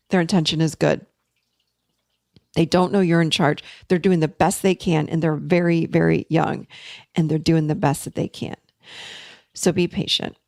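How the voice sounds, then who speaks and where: A woman's voice: mid-range voice, dry recording, studio quality. A woman in her forties hosting a podcast, talking in an earnest, coaching way as a therapist. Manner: earnest, coaching, speeds up and slows down. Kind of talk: teaching podcast talk.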